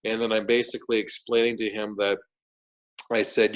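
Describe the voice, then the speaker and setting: A man with a lowish voice recounts his experience as a guest in an interview. He talks animatedly, doubling back on words and restarting sentences as he goes. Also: normal speed, rough recording. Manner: animated, repeats words and restarts sentences while retelling events. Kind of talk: casual storytelling interview.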